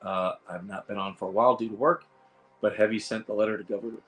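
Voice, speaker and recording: Hoarse Midwestern man, low voice. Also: fairly even intonation, fast, faint music behind, rough recording. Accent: Midwestern American. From Ohio. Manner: rambling, chuckling, restarts phrases. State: hoarse, losing voice. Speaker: livestream host. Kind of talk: casual livestream chat. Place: home.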